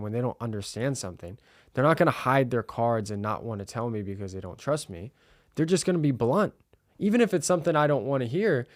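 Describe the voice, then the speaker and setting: An energetic man hosting his own podcast coaches listeners on sales in a direct, conversational monologue. His voice sits at an ordinary pitch, recorded close and dry with no room sound. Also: no echo. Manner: energetic, acts out customer dialogue. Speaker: podcast host.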